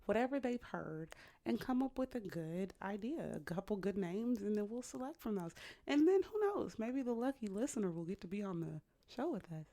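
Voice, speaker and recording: Woman, podcast co-host, casual chat, lively pitch, teasing, laughs a lot. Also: moderate pace.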